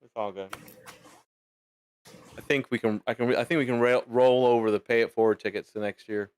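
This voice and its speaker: A man co-hosting a casual podcast chat, joking and now and then slipping into goofy squeaky bits. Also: fairly even intonation, brisk, darkish tone, clean tone, no echo. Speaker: podcast co-host.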